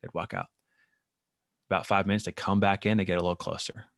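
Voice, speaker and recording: A low-voiced man talks as a therapist guest on a podcast, explaining his work in an animated way. He sometimes briefly acts out what clients say. The recording is dry with no room sound. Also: quick pace, gravelly, no room sound. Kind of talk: casual interview chat.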